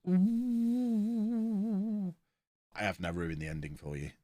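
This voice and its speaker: A man's voice: rumbling low, steady tone, fast talker, dry recording. A man with a blocked nose, chatting and joking through a live-streamed game commentary as he reacts to his chat.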